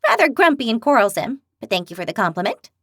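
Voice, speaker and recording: A grumpy, spirited young healer with a blunt, quarrelsome edge and plenty of fight in her, as a woman narrator puts her on. Her voice sits high and swings widely, and the recording is close and dry. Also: very animated, fast talker, no room sound.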